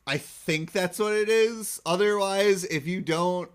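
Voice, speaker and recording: A man's voice: high-pitched, unhurried, clear, resonant tone. A man co-hosting a podcast, casually recapping a cartoon episode in rambling talk, laughing often and acting out quotes. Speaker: podcast co-host.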